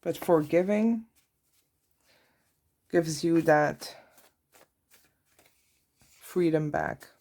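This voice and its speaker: A woman reads tarot cards for her viewers in an unhurried, gentle way. Her voice sits a little low with a gravelly edge. Card shuffling can be heard in the background. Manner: soft, warm-hearted, reads card messages aloud. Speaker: tarot reader. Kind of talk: slow, intimate tarot reading.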